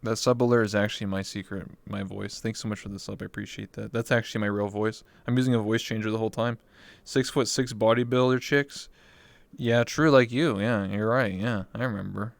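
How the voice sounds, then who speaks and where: A man in his twenties chatting casually on a livestream, excitable and swearing freely. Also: lowish voice, a little fast, vocal fry, no room sound. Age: 20s. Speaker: VR chat streamer.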